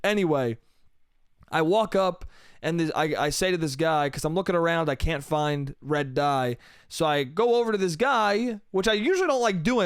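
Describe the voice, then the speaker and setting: Young guy ranting on his podcast, high voice, super dry close mic, swears a lot, does voices of people. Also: clear, resonant tone, dry recording. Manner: profane, exasperated storytelling, mimics people in quoted bits. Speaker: podcast host. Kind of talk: solo comedic rant.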